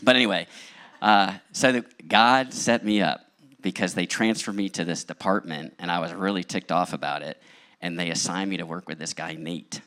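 A man's voice: low voice, moderate pace, pushed and bright. A male pastor preaching a sermon, telling his own story in a candid, conversational way. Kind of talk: sermon with personal testimony.

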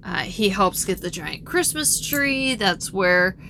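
A woman's voice: medium pitch, expressive, slow pace, bright, forceful tone, slight background noise. A woman retelling a film's plot in a casual, rambling chat with frequent ums. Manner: chatty and rambling, lots of ums.

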